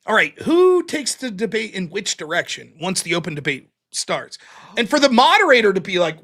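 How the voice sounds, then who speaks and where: A man's voice: high-pitched, moderate pace. A man hosting a show, recapping his own debate in a casual, mocking way, often quoting his opponent. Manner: animated, mocking, quotes opponents in put-on voices.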